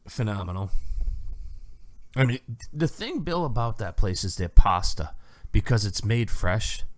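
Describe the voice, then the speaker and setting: Deep-voiced man telling a story, dry sound. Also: moderate pace, no echo. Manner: animated storyteller, acts out waiters' lines. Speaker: podcast co-host. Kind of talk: casual chat.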